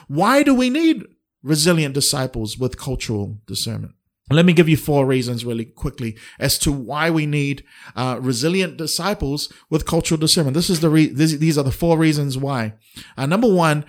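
Middle-aged male preacher, slightly high voice, chatty sermon full of questions to the room. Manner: conversational, rhetorical questions to the audience. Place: online service with a chat.

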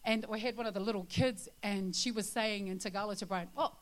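A woman's voice: mid-range voice, fairly even intonation, brisk. A woman sharing a testimony with her church congregation, a chatty storyteller full of fillers who turns earnest and confiding.

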